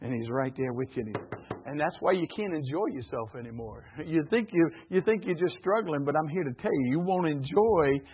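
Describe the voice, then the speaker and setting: A man delivering a sermon in a high, husky voice. He swings from loud exclamations to quiet, chuckling asides. The sound is tinny and narrow, like a radio broadcast. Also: lively intonation, brisk. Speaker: preacher.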